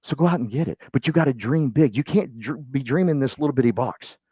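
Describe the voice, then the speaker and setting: A man giving a motivational real estate training talk, folksy and energetic, swinging from loud bursts to quiet asides. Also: medium pitch, fast, husky, no echo. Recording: dull muffled sound, dry.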